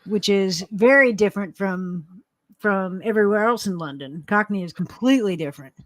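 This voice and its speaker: This livestream co-host, a woman from Alabama with an Alabama accent, keeps the casual chat rambling along, laughing a lot and throwing in the odd swear. Her mid-range voice has a fairly bright tone at normal speed, with no echo.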